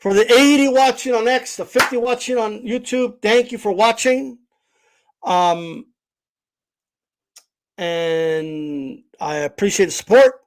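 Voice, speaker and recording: Brief: high-voiced man, livestream host, blunt and confrontational rant. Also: takes it slowly, long pauses. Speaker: boxing channel host.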